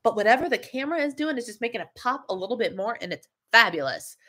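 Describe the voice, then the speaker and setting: A woman's voice: on the high side, fast, breathy edge. A woman who is a wellness coach, chatting on a webcam livestream and reading out viewer comments. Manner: chatty and animated, laughs often.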